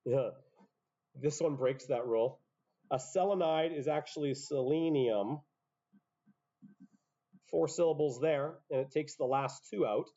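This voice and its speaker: A man's voice: a little high, a little slow, pauses often, dark tone, lo-fi sound. A man teaching a chemistry class, explaining step by step with offhand asides. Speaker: high school chemistry teacher. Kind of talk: classroom lecture.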